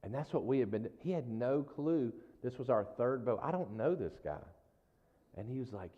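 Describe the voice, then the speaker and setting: A man's voice: mid-range voice, lively intonation, moderate pace. A man preaching in a casual, folksy storytelling style, with frequent asides to the congregation. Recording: dull lo-fi sound with long hall reverb.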